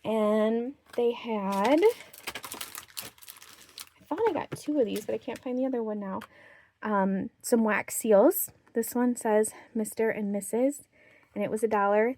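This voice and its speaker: Young woman vlogger, chatty bargain show-and-tell, a bit breathless, faint noise and crinkling packaging behind her. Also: mid-range voice. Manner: chatty, excited about bargains, reads out prices. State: slightly out of breath. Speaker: craft haul vlogger. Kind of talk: casual show-and-tell haul.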